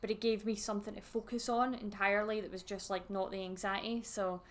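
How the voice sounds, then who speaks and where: A Scottish woman co-hosting a podcast, telling stories in lively casual chat. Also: mid-range voice, fairly quick. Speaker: podcast co-host.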